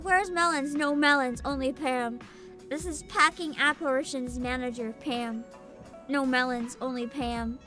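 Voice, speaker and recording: A woman's voice: sits high, fairly even intonation, measured pace, music in the background. A young woman hosting a casual VTuber livestream, sleepy and giggly, reading chat aloud. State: sleepy and tired.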